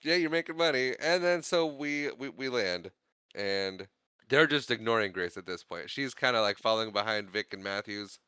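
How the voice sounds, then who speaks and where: A man co-hosting a podcast, recapping a movie in casual chat, laughing often and slipping into quick character voices. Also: mid-range voice, lively intonation, sharp tone, clear, resonant tone, no room sound. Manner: chatty, laughs often, does quick character voices while retelling scenes. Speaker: podcast co-host.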